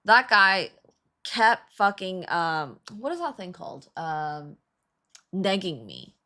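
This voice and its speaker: Lively swearing woman telling a story. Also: on the low side, slow pace. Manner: animated, laughing, swears freely, many fillers. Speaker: streamer, co-host with her husband. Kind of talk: casual storytelling chat.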